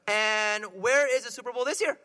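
Bright-voiced priest joking in a sermon. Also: male voice, extremely high pitch, moderate pace. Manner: playful, joking and asking the congregation questions. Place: church. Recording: long hall reverb.

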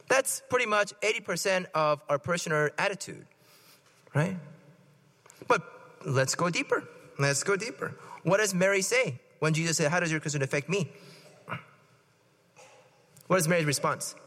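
Priest guy preaching, high bright voice, jokey, big echoey church. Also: expressive, moderate pace, long pauses. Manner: playful, joking and asking the congregation questions. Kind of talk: sermon. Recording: long hall reverb.

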